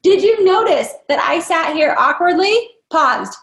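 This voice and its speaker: A woman's voice: very high voice, lively intonation, a little slow, fairly bright tone, reverberant. A woman trainer leading an interactive online workshop, upbeat and coaxing as she quizzes her audience. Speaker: dental practice trainer leading a live workshop.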